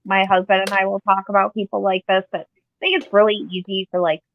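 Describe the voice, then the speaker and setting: A woman's voice: mid-range voice, little pitch movement, fast, a little hiss or hum. A woman guest in casual chat on a call, talking in a heated, profane, impassioned way. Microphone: phone or call line. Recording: tinny phone line, dry.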